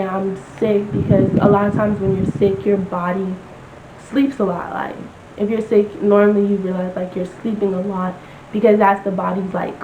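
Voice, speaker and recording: A young woman chatting casually on a storytime vlog, telling her story with lots of "like" and quoting people in animated bursts. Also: medium pitch. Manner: chatty, lots of "like", animated retelling with quoted voices. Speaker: vlogger. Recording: roomy, slightly dull home recording with noise.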